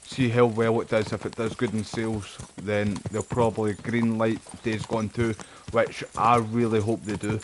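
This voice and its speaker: A man's voice: lowish voice, level tone, normal speed, background noise. A Scottish man streaming a game live, swearing and egging on the fights between chatty asides. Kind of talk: live gameplay commentary. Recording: game audio in the background.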